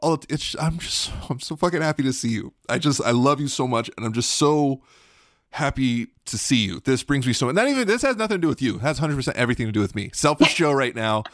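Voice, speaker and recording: A man co-hosting a podcast, excitable and gushing, swearing and laughing in casual emotional chat. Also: mid-range voice, fast talker, few pauses, dry recording, studio quality. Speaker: podcast co-host.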